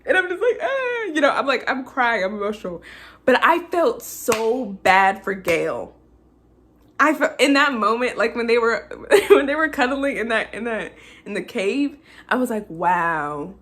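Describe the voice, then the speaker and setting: A woman's voice: on the high side, expressive, moderate pace, a bit bright. A woman recapping a film in a casual rant, emotional and chatty, laughing between many fillers. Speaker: movie reviewer.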